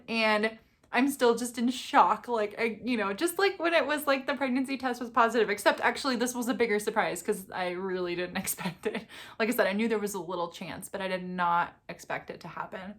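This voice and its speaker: Young woman doing a chatty storytime vlog, lively, voice bouncing way up on the quotes. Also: fairly quick. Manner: animated storyteller, acts out quotes with big pitch jumps. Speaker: vlogger. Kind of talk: storytime vlog, casual chat.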